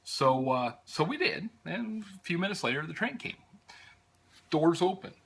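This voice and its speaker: An American man telling a travel story in a casual, rambling way, with frequent pauses and restarts. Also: on the high side, animated, creaky, husky. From United States. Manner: rambling, many "uh"s and restarts, warm fondness.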